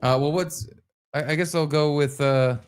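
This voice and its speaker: A man co-hosting a comedy podcast, bantering with a wry, teasing deadpan while reading a script aloud. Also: on the high side, normal speed, clear, resonant tone. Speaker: podcast co-host.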